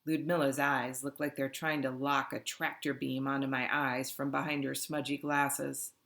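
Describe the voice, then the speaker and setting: A woman reading a first-person children's novel aloud in a calm, unhurried manner. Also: a bass voice, vocal fry. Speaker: audiobook narrator.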